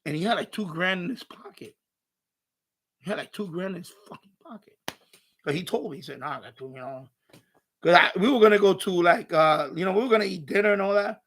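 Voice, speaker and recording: A man's voice: high voice, quick pace. A man hosting a live stream, telling a casual story with lots of swearing and laughter. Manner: animated, swears often, laughs through the story.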